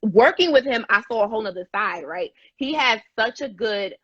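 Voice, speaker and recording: A woman's voice: a little high, expressive, moderate pace, fairly bright tone, husky, no room sound. A woman guest on a live chat, talking enthusiastically and laughing. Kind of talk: casual live interview chat. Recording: dry, dull lo-fi video call audio.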